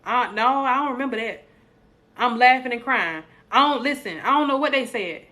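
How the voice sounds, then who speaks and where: A woman's voice: a little high, moderate pace, sharp tone. A young adult woman, hosting a casual live stream, joking with viewers and preaching encouragement.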